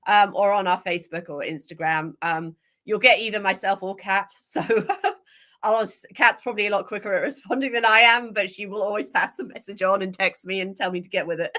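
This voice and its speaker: A woman from England speaks over a video call, mid-pitched and conversational. She talks in an emotional, rambling way, stopping and restarting her sentences often. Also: steady tone, fairly quick, sharp tone. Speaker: guest, professional horse groom. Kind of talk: casual video-call interview.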